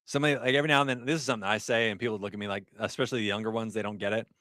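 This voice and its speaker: A man's voice: on the low side, fairly even intonation, racing, pushed and bright, dry recording, clean studio sound. A middle-aged man, an ER nurse, hosting a casual livestream, reading chat aloud and laughing often.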